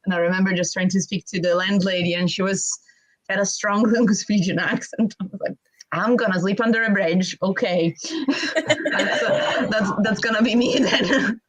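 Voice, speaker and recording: A woman's voice: medium pitch, steady tone, husky. An Italian woman whose accent has Scottish touches, chatting as a guest on a video call and laughing often. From Italy. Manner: laughs often, talks in quick bursts. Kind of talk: casual chat.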